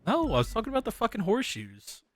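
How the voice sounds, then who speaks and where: A man's voice: high voice, huge pitch swings, fast talker, a bit bright, dry recording. Joking, swearing man in roleplay. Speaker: sheriff's deputy roleplayer. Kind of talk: casual in-character roleplay chat.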